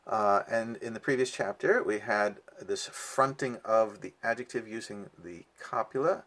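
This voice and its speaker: A man teaching a language lesson in a relaxed, explanatory way, with frequent fillers as he walks through the material. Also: fairly low pitch, normal speed, hardly any pauses. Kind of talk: casual lesson walkthrough.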